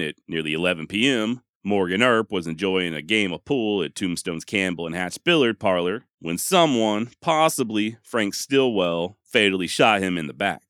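A man's voice: deep voice, expressive, moderate pace, few pauses, a bit bright, no echo, studio quality. A man narrating Old West history in a scripted storytelling style, folksy and wry with salty asides.

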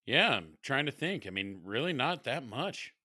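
A man's voice: mid-range voice, sing-song, normal speed, bright, forceful tone, breathy edge, no room sound, studio quality. A man in his thirties co-hosting a podcast in casual chat, rambling and swearing, often laughing. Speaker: podcast co-host.

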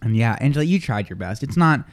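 A man hosting a morning radio show, teasing his co-host in dry, deadpan banter from a studio. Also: mid-range voice, fast talker.

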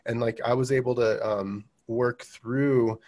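A man's voice: medium pitch, fairly even intonation, darkish tone. A man in his thirties, a roofing business owner, talking as a guest in a casual podcast interview, full of restarts and fillers. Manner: halting, many restarts and fillers.

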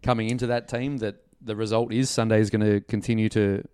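A man from New Zealand co-hosting a fantasy basketball chat, measured and quoting stats. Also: fairly low pitch, level tone, dark tone, clear, resonant tone, no echo. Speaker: podcast co-host. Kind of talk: casual fantasy sports analysis.

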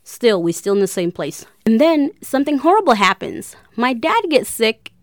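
A woman's voice: a little high, very animated, dry recording. Young woman sharing a hard memory, lots of ums, emotional, dry close sound. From grew up in a refugee camp. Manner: emotional, halting with many fillers. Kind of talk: personal storytelling.

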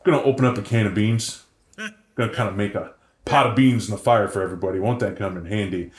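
A man's voice: lowish voice, quick pace, echoey room, voice pushed down, natural voice. A man doing a folksy, breezy camper. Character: cozy, cheerful camping werewolves.

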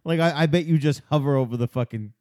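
A man's voice: a little high, quick pace, darkish tone, no echo, clean studio sound. A young man in crude casual banter, swearing, laughing and acting out quoted voices.

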